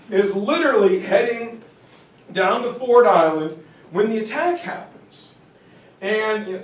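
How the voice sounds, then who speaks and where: A man giving a history lecture to parents, telling stories in a casual, lively way. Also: high-pitched. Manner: casual, animated storytelling. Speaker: high school teacher giving a parent lecture. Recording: echoey room, distant mic, faint noise.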